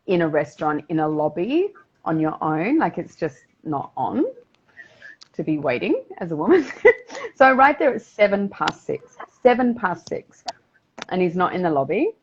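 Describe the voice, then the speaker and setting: A woman with a South Australian accent, co-hosting a podcast in casual chat, bubbly and quick to laugh as she tells stories. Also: on the low side, breathy edge, muffled recording. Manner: bubbly, laughs often, chatty storytelling. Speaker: podcast co-host.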